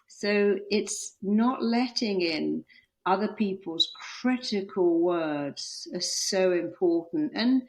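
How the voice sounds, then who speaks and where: A middle-aged woman author, a guest on an interview podcast, telling stories with lively quoted voices. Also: medium pitch, slow pace. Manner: animated storytelling, acting out quoted voices.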